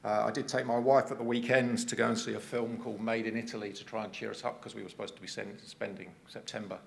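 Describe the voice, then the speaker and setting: Gravelly English man giving a talk. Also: lowish voice, little pitch movement, fast. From England. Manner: chatty, self-deprecating asides. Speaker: conference speaker. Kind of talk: conference presentation.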